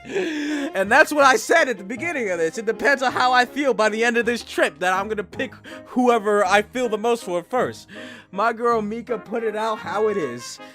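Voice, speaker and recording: High-voiced man, animated pitch, reads a visual novel with jokes, game music behind. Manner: animated, laughs at himself, drops low for narration. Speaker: gamer reading a visual novel aloud. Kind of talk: playthrough narration with joking commentary.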